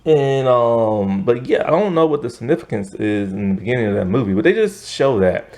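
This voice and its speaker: A man's voice: mid-range voice, very animated, a little fast, darkish tone. A young American man giving a rambling, casual movie review, full of fillers and restarts. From United States.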